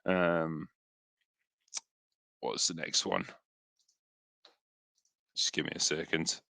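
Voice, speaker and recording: A man's voice: a bass voice, very slow, gravelly, dry recording. Sarcastic Scottish man on a headset. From Scotland. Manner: relaxed, filler-heavy, dry sarcastic humor. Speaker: host reading superchats. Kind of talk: casual livestream chat.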